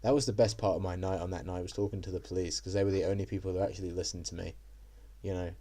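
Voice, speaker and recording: A young man talks on in a rambling, self-deprecating way, with lots of fillers and restarts. His voice sits low and dark. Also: steady tone, very fast. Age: young adult. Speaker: vlogger. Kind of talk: casual monologue.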